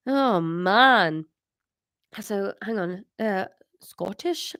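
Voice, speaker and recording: A woman's voice: on the high side, animated, unhurried, sharp tone, dry recording, clean studio sound. A woman in her thirties reading her own comic story aloud, with chatty, self-mocking asides.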